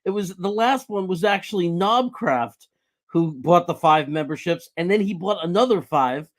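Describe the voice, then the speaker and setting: A man's voice: high voice, animated, moderate pace. A man co-hosting a casual sports livestream, talking in an easygoing way and chuckling along. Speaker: podcast co-host.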